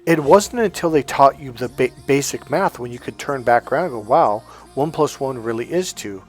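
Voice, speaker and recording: A man giving a casual spiritual monologue as a coach, animated and self-assured, often laughing at his own points. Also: mid-range voice, normal speed, soft background music.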